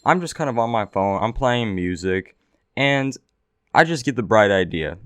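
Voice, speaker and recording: A man's voice: lowish voice, expressive, moderate pace, dry recording. A young man casually telling a story, slangy and profane, with lots of "like" and "right?" fillers. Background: faint background music.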